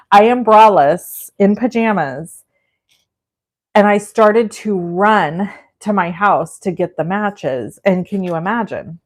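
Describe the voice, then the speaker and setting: A woman in her forties hosting a live crafting demo, talking in a chatty, rambling, self-deprecating way. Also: mid-range voice. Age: 40s. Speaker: craft livestream host.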